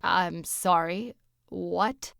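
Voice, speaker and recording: A woman's voice: lowish voice, very slow, vocal fry, a bit bright, clear, resonant tone, dry recording, studio quality, full character voice. A woman voicing a rich man stuck on an awkward date, speaking politely and hesitantly. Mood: uneasy.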